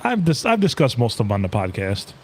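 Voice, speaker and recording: Lively, jokey male podcast host. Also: mid-range voice, fast talker. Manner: jokey, laughs often, plays bits. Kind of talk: casual chat.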